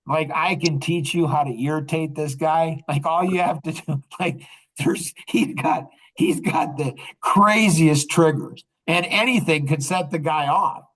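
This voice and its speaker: A man's voice: on the high side, unhurried, fairly bright tone, low-quality recording. An older man hosting a podcast, talking in a rambling, casual monologue full of restarts and laughter. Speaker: podcast host.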